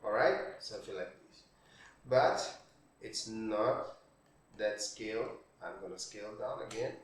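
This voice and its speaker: A man, a non-native speaker whose first language is Portuguese, walking through a software tutorial while thinking aloud and checking in with tag questions. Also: lowish voice, measured pace, slight background noise. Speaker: 3D art tutorial creator. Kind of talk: screen-recorded software tutorial. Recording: very echoey room, distant mic.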